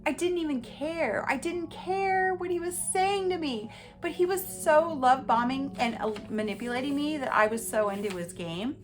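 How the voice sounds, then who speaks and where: A woman hosting a podcast, telling a personal story in an animated, emphatic way and talking straight to her listeners. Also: sits high, normal speed. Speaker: podcast host.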